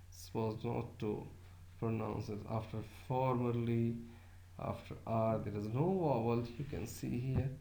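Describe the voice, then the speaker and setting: A man delivers a lecture, his voice mellow and gravelly. He pauses often, fills gaps with filler sounds and repeats words to demonstrate them. The sound carries a noticeable room echo. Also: mid-range voice. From Pakistan. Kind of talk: recorded lecture. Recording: echoey room.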